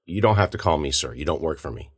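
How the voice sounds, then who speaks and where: A man's voice: rumbling low, expressive, fast, slightly rough, heavily acted. A man playing a blunt male investigator who speaks tersely and matter-of-factly. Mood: calm.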